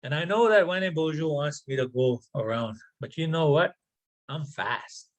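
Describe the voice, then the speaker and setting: A man's voice: a little high, measured pace, lightly acted. A man doing a boastful eager wolf.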